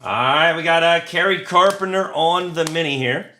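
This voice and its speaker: A man's voice: on the high side, normal speed, pushed and bright. A man hosting a live card break, reading out pulls with crude, joking banter. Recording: roomy with faint noise.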